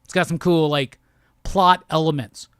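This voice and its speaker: A man's voice: on the high side, fairly even intonation, a little slow, a bit bright, smooth, dry recording, studio quality. A man hosting a comic book show, giving a heated, profane review in a rant-style talk. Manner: heated, profane, repetitive ranting.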